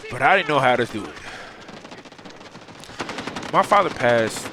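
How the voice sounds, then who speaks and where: Choked-up man with a lively voice. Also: medium pitch, normal speed, pauses often, background noise. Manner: heartfelt, repetitive, preacherly phrasing. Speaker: gaming channel host. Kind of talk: emotional personal monologue.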